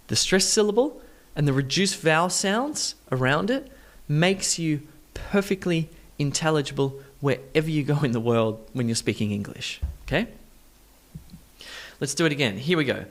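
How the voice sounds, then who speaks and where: A man teaching English pronunciation in an upbeat, encouraging way, repeating words slowly and stressing their syllables. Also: a little high, very animated, a bit bright. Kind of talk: pronunciation lesson.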